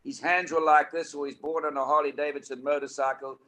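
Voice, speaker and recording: A man in his eighties with a South African accent, telling anecdotes as an interview guest in a lively, animated way. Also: on the high side, brisk. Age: 80s. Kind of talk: storytelling interview. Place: indoor studio couch.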